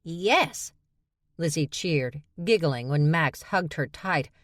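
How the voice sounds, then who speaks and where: Low-voiced woman audiobook narrator. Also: measured pace, no room sound, clean studio sound. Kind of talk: scripted narration.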